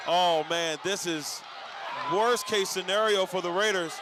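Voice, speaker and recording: A male play-by-play announcer calling a football game live, shouting with excitement, winded and casual. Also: sits high, a little slow. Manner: excited shouting calls, folksy "y'all". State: out of breath. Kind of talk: live sports commentary. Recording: noisy outdoor stadium broadcast. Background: crowd and stadium noise.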